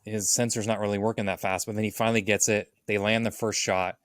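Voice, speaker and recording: A man's voice: on the low side, quick pace, no room sound, clean studio sound. A man co-hosting a podcast, eagerly retelling film scenes in casual chat. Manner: animated retelling, acts out quoted lines. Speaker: podcast co-host. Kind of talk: casual movie recap chat.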